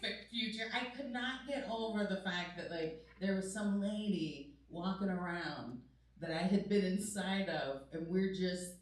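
A middle-aged woman performing stand-up comedy into a handheld microphone on a club stage, animated and laughing as she acts out quotes. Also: fairly low pitch, a little slow, recorded from a distance. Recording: live club mic, roomy with crowd laughter.

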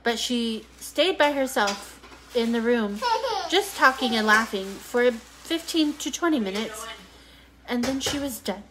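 Woman, home cooking livestream host, casual, playful with a toddler; slightly high voice, clear kitchen noise behind. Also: lively intonation, a little slow. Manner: playful baby talk, sing-song teasing. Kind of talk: casual chat while cooking on a live video, talking to a toddler. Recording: noisy kitchen sounds.

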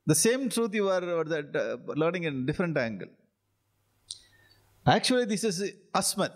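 An Indian English-accented man leads a scripture class in a lightly raised voice. He recites Sanskrit lines slowly and deliberately, then explains them in plain repeated phrases. He chuckles as he checks whether his students are following. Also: a little high, very animated. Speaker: spiritual teacher.

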